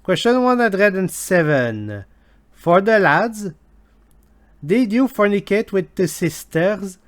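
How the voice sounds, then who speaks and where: A man putting on a loud cheeky intern with a fake Scottish accent. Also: high-pitched, sing-song, takes it slowly, pitched above the performer's own voice, heavily acted. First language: French. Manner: loud, chirpy, reads text aloud while translating.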